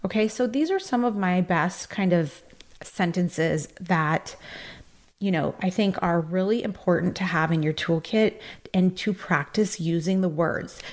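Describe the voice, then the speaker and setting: A married woman hosting a self-help podcast, earnestly coaching listeners and speaking straight to them. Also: on the low side. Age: adult, married. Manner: earnest, encouraging, addresses the listener directly. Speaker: podcast host. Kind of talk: motivational self-help talk.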